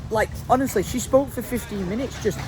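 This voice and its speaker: Brief: fired-up man, high voice, venting a story outdoors, heavy wind and background noise. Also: fairly quick. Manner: indignant, animated retelling. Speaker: vlog companion. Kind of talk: casual storytelling chat. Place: outdoors by a canal.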